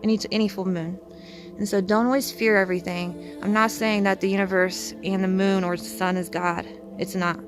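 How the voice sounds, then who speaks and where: A woman giving an earnest, rambling spiritual talk, reading Bible verses and repeating herself as she goes. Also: mid-range voice. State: freezing cold. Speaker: vlogger sharing faith messages. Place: outdoors at night, cold.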